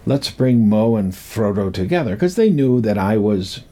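An older man telling a rambling personal story from his youth, halting and full of pauses and restarts. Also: lowish voice, very animated, mellow.

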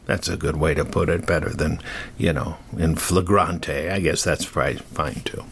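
An older man with an extremely low voice tells a myth at normal speed, rambling casually and often wandering into animated asides. A slight background noise is audible.

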